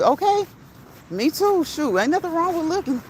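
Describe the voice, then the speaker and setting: A woman vlogging while out on a walk, telling a story in a casual, animated way, laughing often and reading viewer comments aloud. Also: fairly high pitch, moderate pace, a little hiss or hum, poor audio. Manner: reads live chat comments aloud. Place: outdoors on a walk.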